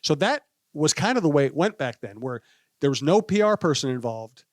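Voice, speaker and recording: A man with a Midwestern accent, a veteran sportscaster guest telling an anecdote in a brisk, relaxed way. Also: on the high side, dry recording. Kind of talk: casual storytelling chat.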